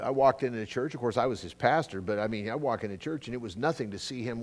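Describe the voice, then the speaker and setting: Speaking at medium pitch, this middle-aged pastor preaches in a relaxed, chatty style. He swings between loud, emphatic moments and quiet asides, frequently restarting his sentences.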